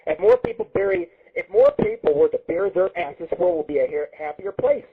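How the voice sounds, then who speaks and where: A man with a high, husky voice that swings all over the place, ranting as host of a crude internet radio show. He swears constantly and rambles from one thing to the next. The sound is tinny and narrow, like it comes down a phone line. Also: huge pitch swings, brisk. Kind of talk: profane comedic radio rant. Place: home radio studio.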